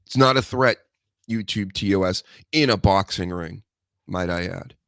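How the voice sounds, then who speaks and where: A man hosting a solo podcast, rambling and joking with mock threats and loud mocking outbursts. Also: low voice, moderate pace, gravelly, no room sound, studio quality. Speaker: podcast host. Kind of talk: casual solo wrestling podcast chat.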